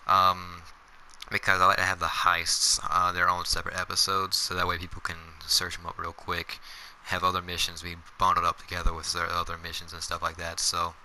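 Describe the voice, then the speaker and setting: Deep-voiced young man commenting on gameplay. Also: monotone, a little fast, sharp tone, slight background noise, poor audio. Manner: laid-back, jokey, rambling. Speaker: let's play host.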